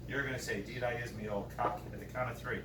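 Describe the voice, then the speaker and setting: Newfoundland man hosting a bar ceremony, teasing and theatrical, heard from afar with loud room noise. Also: mid-range voice, fairly even intonation, fast talker. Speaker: screech-in ceremony host. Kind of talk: joking lesson to a group. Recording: roomy, distant, noisy bar.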